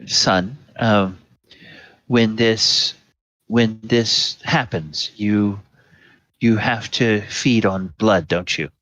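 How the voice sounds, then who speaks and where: A kindly old village priest in a tabletop game, as the game master puts him on, with a low, gentle voice. He speaks slowly and reassuringly. The recording sounds dry and a little dull. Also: dry recording. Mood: grave. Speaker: priest character.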